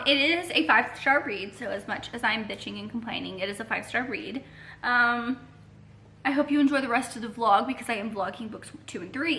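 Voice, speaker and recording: On her living room couch at home, a book vlogger films a reading vlog with a handheld camera, chatting casually, rambling and gushing with plenty of fillers and restarts. Her voice is a little high and a bit bright, with a slight hiss or hum in the background.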